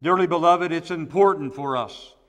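A man preaching a sermon as pastor, measured and emphatic, leaning hard on repeated words. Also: on the high side, fairly bright tone, in a large hall. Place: church sanctuary.

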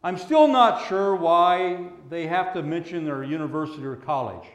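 A man preaching a sermon as pastor. He speaks in a measured way and draws out the words he wants to stress. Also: a little high, expressive. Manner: measured, with drawn-out emphasis on key words. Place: church sanctuary. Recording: echoey church room.

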